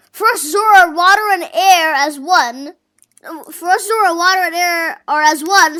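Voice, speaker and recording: A genial old fish-folk king from a fantasy game, put on by a fan doing every role. He speaks in grand, formal phrases, and the voice sits very high and sounds bright and forceful. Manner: grand, courtly speech. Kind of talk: voicing game dialogue.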